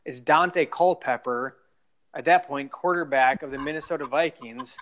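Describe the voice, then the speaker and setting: A young adult man appears as a guest storyteller on a casual podcast, spinning long, rambling tales full of fillers and restarts. His voice is fairly high and fairly bright, and he talks at a moderate pace.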